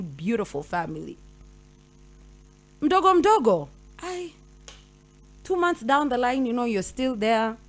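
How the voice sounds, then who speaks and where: Animated Kenyan woman radio host. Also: sits high. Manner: animated storytelling, acting out both partners; mixes Swahili slang into English. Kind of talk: radio talk monologue.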